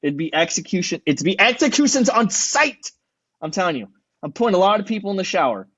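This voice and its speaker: A man's voice: sits high, big pitch swings, quick pace, fairly bright tone, breathy edge, no echo, muffled recording. A man who is a firefighter and EMT, a podcast guest telling rowdy, profane stories in casual chat and acting out what people said. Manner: profane, rowdy storytelling with acted-out quotes.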